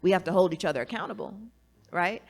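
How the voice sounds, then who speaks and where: A woman guest, an academic and author, speaks earnestly and reflectively in a casual conversation, often adding "you know" and "right." Her lowish voice is fast and gravelly.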